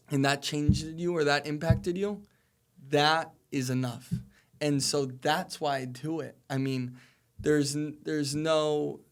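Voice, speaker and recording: A young man in his twenties speaks as a podcast guest in casual conversation. His voice sits in a middle pitch, and he talks earnestly, stacking repeated phrases for emphasis. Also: clean tone. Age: 20s. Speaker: podcast guest, college soccer player.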